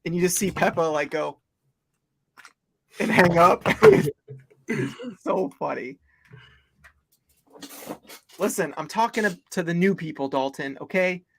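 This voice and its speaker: A man's voice: a little high, a little slow, vocal fry, long pauses. A man co-hosting a livestream, chatting casually in a rambling, amused way. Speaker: livestream co-host.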